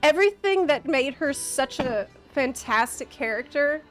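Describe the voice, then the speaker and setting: Woman streamer, high voice, unhurried delivery, passionate and sarcastic rant to chat. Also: lively intonation, fairly bright tone, soft background music. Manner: impassioned, exasperated, sarcastic.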